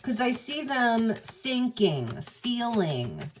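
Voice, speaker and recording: A woman's voice: fairly high pitch, very animated, very slow, distant mic, slight background noise. A woman giving a musing, intimate tarot reading, speaking straight to the listener. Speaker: tarot reader. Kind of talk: spoken tarot reading to the viewer.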